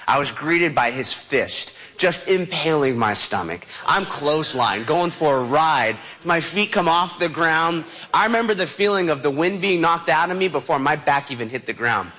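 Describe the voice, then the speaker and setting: Man, storyteller, fairly high forceful voice, animated and vivid delivery. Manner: vivid, dramatic, adds sound effects.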